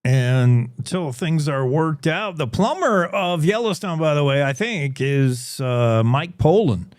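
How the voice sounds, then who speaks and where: A man's voice: on the high side, lively intonation, unhurried, darkish tone, no echo, clean studio sound. Joking man hosting news. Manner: joking, rambling, with comic asides. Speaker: show host. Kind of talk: casual news commentary.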